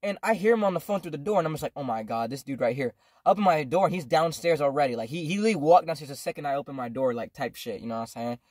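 A man's voice: a little high, very fast, few pauses, no room sound, clean studio sound. A man in his twenties telling a life story in a casual vlog, rambling and swearing a lot. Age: 20s. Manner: rambling, profane, animated. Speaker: vlogger.

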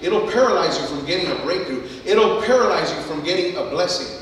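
A man preaching a sermon as pastor, building fervently to loud climaxes, recorded from far off in a church hall. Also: high voice, animated, a little fast, slight background noise. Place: church sanctuary.

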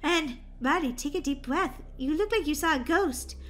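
A woman puts on a bossy, teasing big sister for a game role-play. The voice is bright and a touch lower than usual, with a dry, matter-of-fact edge. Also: animated, moderate pace. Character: sarcastic older sister Daisy, teasing and bossy. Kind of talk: Roblox role-play voice acting.

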